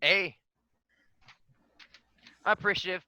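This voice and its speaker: A man doing a cocky, boastful candidate with a very bright, tense voice, bragging and joking crudely in a dry, close-sounding room. His pitch jumps up when he boasts. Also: slow pace, clean tone, no room sound, exaggerated voice, poor audio. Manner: boastful, swaggering, crude jokes. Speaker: player giving a joke campaign speech. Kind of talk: comedic in-character campaign speech.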